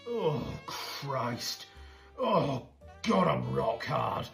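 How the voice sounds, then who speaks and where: A man putting on gossipy office ladies who swoon and gasp over a young workman, the voice swooping wildly up and down with a bright, gravelly edge. It sounds echoey, with music under it. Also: fairly high pitch, big pitch swings, moderate pace, full character voice.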